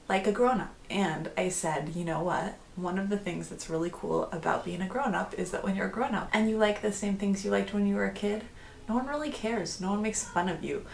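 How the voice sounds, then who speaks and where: With a lowish, gravelly voice, this middle-aged vlogger talks openly in a personal video, wandering off topic, starting sentences over, and frequently laughing. The room is echoey, and there's slight background noise.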